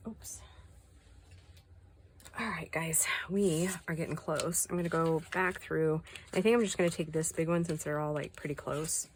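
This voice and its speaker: Middle-aged woman vlogger, low voice, chatty and confiding while crafting. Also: fairly even intonation, normal speed, slight background noise. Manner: chatty, indignant, confiding asides. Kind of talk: casual chat while doing a craft.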